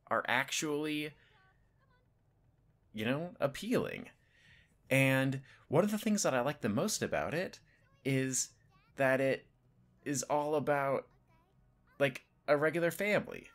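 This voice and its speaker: A young video host gives rambling, casual commentary full of "like" and "you know," his pitch swooping up and down. His voice is a bit bright.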